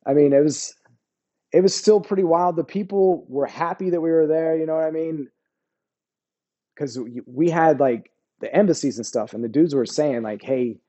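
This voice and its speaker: Laid-back slangy middle-aged man, mellow voice. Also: on the high side, moderate pace, muffled recording. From United States. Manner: laid-back, slangy, repeats "you know what I mean" and "bro". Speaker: army veteran guest. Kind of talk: casual storytelling interview.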